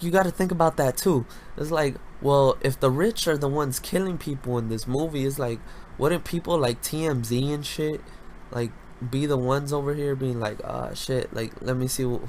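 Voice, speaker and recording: A young man rants through a casual solo podcast in a mid-pitched voice, loud and full of slang and swearing. His pitch jumps into high yelps, then drops to low mutters. A faint hiss of noise sits under the recording. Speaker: podcast host.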